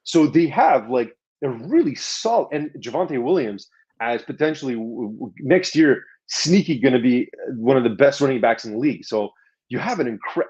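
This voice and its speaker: A man's voice: medium pitch, darkish tone, slightly rough, lo-fi sound. A man co-hosting a casual sports podcast, rambling and swearing when he rants. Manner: rambling, swears while ranting. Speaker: podcast co-host.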